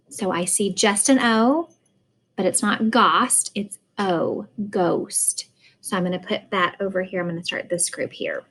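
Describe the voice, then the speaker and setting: A woman teaching a phonics word sort, slowly sounding out vowels and explaining where each word goes. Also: fairly low pitch, rough recording. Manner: slow, deliberate, sounds out vowels. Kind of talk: phonics lesson.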